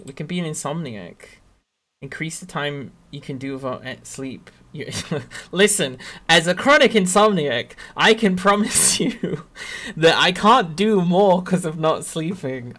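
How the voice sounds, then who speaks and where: A game streamer with a Northern English accent from around Sheffield, chatting casually and rambling, often laughing mid-sentence and softening their own accent. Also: mid-range voice, animated, moderate pace. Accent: Northern English, Sheffield area. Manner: trims own accent toward neutral. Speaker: game streamer reading chat. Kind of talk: casual live-stream chat.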